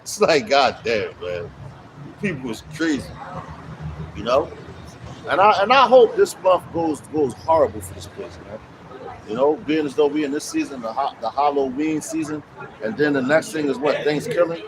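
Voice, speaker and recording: A man's voice: medium pitch, animated, normal speed. A man street preaching in loose, slangy talk, cursing as he explains scripture outdoors. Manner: slangy, swearing, loose and conversational. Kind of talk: street preaching with casual commentary. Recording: noisy street with traffic. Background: traffic noise.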